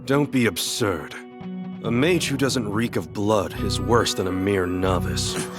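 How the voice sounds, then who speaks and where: A low, curt voice belongs to a cold warrior servant, as an actor voices him in an anime dub. He speaks with aloof disdain. Music plays clearly under him. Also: a little slow, lightly acted. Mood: disdainful. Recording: studio dub with music behind.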